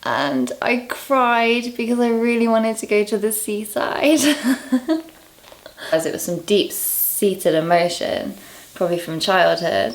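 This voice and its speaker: A young woman from England talking casually to camera in a vlog, candid and quick to laugh at herself, a little out of breath. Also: medium pitch, lively intonation. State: out of breath, low on energy. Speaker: vlogger.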